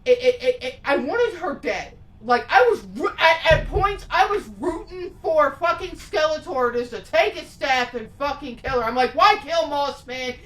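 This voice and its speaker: A woman's voice: high-pitched, lively intonation, normal speed, few pauses, recorded from a distance. A woman co-hosting a podcast, giving a blunt, profane movie review in casual chat. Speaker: podcast co-host. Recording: echoey room, off-mic.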